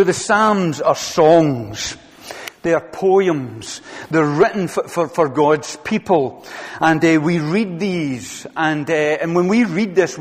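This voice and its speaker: Pastor preaching in an echoing hall. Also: male voice, fairly high pitch, breathy edge. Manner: earnest, conversational preaching with rhetorical questions. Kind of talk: sermon. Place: church sanctuary.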